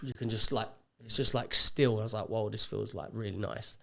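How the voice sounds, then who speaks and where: A man, a podcast guest telling a story in casual chat, animated and acting out what people said. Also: on the low side, brisk, vocal fry. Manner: animated storyteller, acts out quotes.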